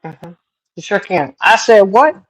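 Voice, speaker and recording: A woman's voice: expressive, unhurried, poor audio. A woman co-hosting a casual talk show, telling a story with lots of laughs and colorful sayings. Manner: chatty storyteller, laughs often, Southern-style sayings; mimics others with raised pitch. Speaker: podcast co-host. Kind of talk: casual chat.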